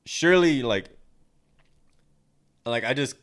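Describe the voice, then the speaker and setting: A man's voice: fairly low pitch, normal speed. Blunt, crude man telling a story. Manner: blunt, crude and rambling, swears often. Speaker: podcast host. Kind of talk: casual personal storytelling.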